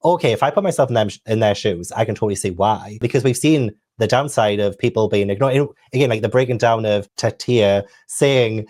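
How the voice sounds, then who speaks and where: A man's voice: on the low side, fairly quick, hardly any pauses, darkish tone. A man hosting a casual chat, talking thoughtfully and rambling with many fillers. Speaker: host.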